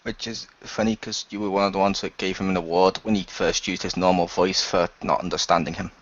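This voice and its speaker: A man's voice: sits low, fairly even intonation, fairly quick. A man chatting on a podcast panel in a dry, sarcastic manner. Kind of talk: casual podcast chat. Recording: dull lo-fi dry sound.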